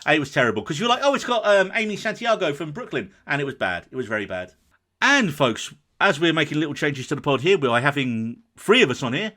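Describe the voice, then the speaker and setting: A man's voice: medium pitch, fast talker. A man from England co-hosting a podcast, chatting casually and joking while reading out listener comments. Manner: lively, jokey, reads listener comments. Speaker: podcast co-host. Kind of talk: casual chat.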